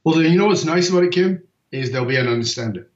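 A man's voice: a little high, very fast. A middle-aged man, a speaker and author, talking as a guest on an interview show and telling stories with acted-out dialogue. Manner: animated storyteller, acts out dialogue. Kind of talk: storytelling interview talk. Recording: roomy, dull remote audio.

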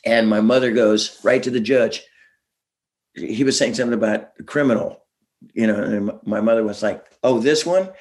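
A middle-aged man chatting as a guest, animated and laughing, slipping into quick voices as he tells stories. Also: on the low side. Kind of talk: casual chat, storytelling.

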